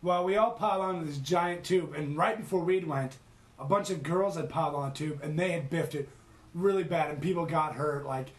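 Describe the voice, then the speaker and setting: A man's voice: fairly high pitch, a little fast, reverberant. A young man on a podcast telling a sledding story, often laughing as he goes. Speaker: podcast co-host. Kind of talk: casual storytelling.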